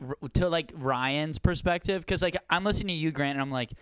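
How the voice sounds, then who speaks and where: A man's voice: on the high side, brisk, a bit bright, smooth, dry recording. A man on a comedy podcast, rambling casually, interrupting himself and giggling. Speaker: podcast co-host. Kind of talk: casual chat.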